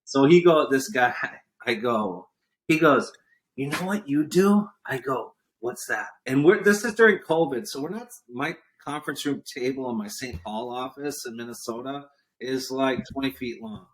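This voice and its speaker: A man's voice: mid-range voice, normal speed, slight background noise. A man, a podcast guest telling a business story and acting out what others said. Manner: animated storyteller acting out quotes. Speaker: guest entrepreneur. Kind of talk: storytelling interview chat.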